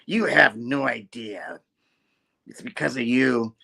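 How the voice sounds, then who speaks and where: A man voicing a bitter, vengeful woman villain in his own low, muttered voice. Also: slow, gravelly, pushed and bright, heavily acted.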